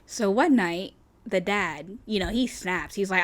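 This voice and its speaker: A young woman recounting a creepy local legend in a loose, conversational way. She talks casually, stringing her story together with fillers and dropping swear words for emphasis, at a middling pitch. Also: a little slow. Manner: chatty, lots of "like" and swearing for emphasis. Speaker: podcast co-host telling urban legends.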